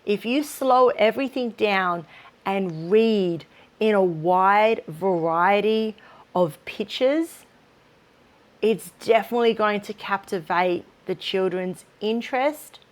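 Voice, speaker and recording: A woman's voice: mid-range voice, takes it slowly. A woman giving practical advice to early childhood teachers in an instructional video, speaking in an encouraging, down-to-earth way. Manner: practical, encouraging, demonstrates read-aloud intonation.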